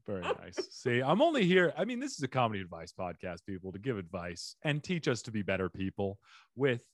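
A man's voice: fairly low pitch, very animated, a little fast, no echo, clean studio sound. A man hosting a comedy podcast over a remote call, joking and ad-libbing playfully in casual chat. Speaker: podcast host.

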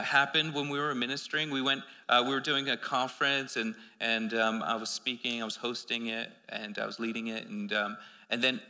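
A man's voice: medium pitch, pushed and bright, in a large hall. A man preaching a sermon, telling a story in a loose, rambling way with many restarts.

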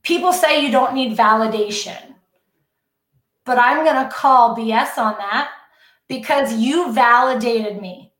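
High-voiced woman, effusive and emotional. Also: measured pace, fairly bright tone, echoey room. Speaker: guest educator. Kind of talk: casual podcast chat.

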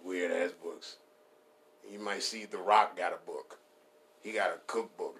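A man with a fairly low voice riffs through a loose, profane comic rant. He rambles from one bit to the next, laughs at his own jokes and keeps the talk casual and unpolished. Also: animated, moderate pace, a bit bright.

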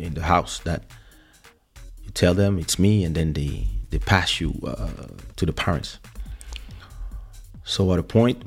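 A man hosting a podcast, telling a personal story in an animated way, with many restarts and acted quotes. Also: sits low. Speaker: podcast host. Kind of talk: storytelling monologue.

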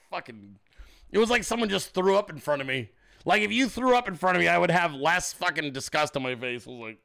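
A man's voice: high-pitched, pushed and bright. A man hosting a political commentary show, ranting crudely and sarcastically, swearing and doing mocking impressions.

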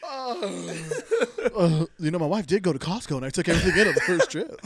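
A man's voice: high-pitched, sing-song, a little fast, gravelly, a crowd in the background. A man co-hosting a podcast, reading out bracket picks and swearing and laughing in casual banter. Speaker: podcast co-host.

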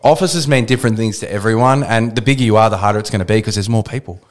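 A man's voice: lowish voice, rapid-fire. A man co-hosting a casual podcast in a studio, blunt and swearing casually. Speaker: podcast co-host. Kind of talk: casual chat. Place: small studio.

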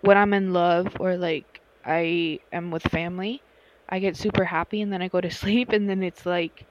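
A woman's voice: fairly low pitch, fairly even intonation, normal speed, dull audio. A young woman chatting casually with friends, swearing often and laughing. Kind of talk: casual chat.

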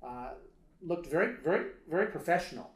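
A man's voice: a little high, expressive, fairly quick. A man telling a personal story in a casual interview, hesitant with many fillers, acting out dialogue. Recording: roomy echo.

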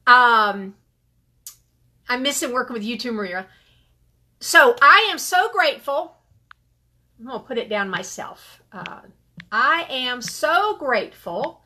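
Middle-aged lady running a gratitude group, high voice, slow n upbeat, cheers people on. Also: animated, bright, forceful tone. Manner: upbeat, encouraging, repeats affirmations. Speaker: group gratitude workshop leader. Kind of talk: live online group session, reading chat comments.

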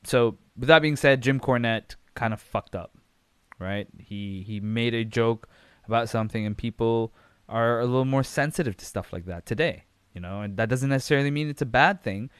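Young male podcast host, frank and rambling, smooth tone, mid pitch, dry close sound. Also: normal speed, no room sound. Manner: rambling, frank, swears freely, many fillers. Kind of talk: casual solo commentary.

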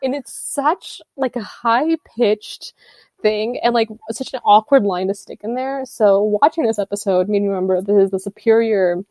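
A woman's voice: medium pitch, moderate pace, mellow, no room sound. Young female podcast co-host, casual and sarcastic, dry close mic. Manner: chatty, laughs often, playful sarcasm. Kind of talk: casual chat.

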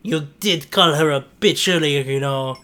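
A man voicing a brash teenage male burglar with a put-on accent, loud and snappish, in an amateur read-aloud. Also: a little high, a little slow.

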